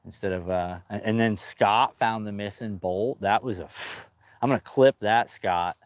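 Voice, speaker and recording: Working on his boat outdoors, a boat restoration vlogger talks casually to viewers in a lowish voice at normal speed. He's chatty, rambles, jokes, and keeps calling them dude. There's no room sound.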